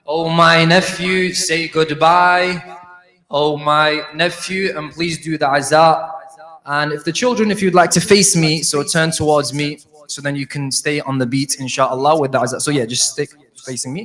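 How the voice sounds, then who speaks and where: A man's voice: fairly high pitch, a bit bright, reverberant, big-room sound. A man chanting a mourning elegy and leading the congregation in call-and-response, stopping now and then to direct the mourners. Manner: sings long drawn-out lament lines, stops to direct the mourners. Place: mosque congregation hall.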